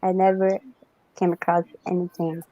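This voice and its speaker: A woman's voice: fairly low pitch, little pitch movement, moderate pace, mellow, no echo. A woman in casual podcast chat, making short remarks. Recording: dry, dull lo-fi audio.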